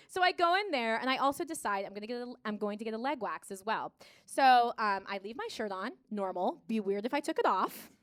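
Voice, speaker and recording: Bright high-voiced American woman doing stand-up. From United States. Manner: animated storytelling, acts out voices, laughs at her own jokes. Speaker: stand-up comedian. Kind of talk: live stand-up routine. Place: comedy stage in front of a live audience.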